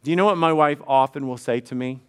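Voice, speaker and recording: Smooth-voiced man preaching a sermon. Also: medium pitch, fast. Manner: conversational, repeats words, acts out quoted dialogue. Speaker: pastor.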